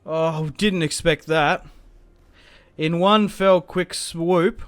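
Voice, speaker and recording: A young man narrating a strategy game as he plays, with a slightly high voice. He thinks aloud, full of fillers, and gets excited when the battle turns. The tone stays casual and talkative throughout. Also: extremely slow, clean tone, dry recording. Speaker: gaming channel host. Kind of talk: live strategy game commentary.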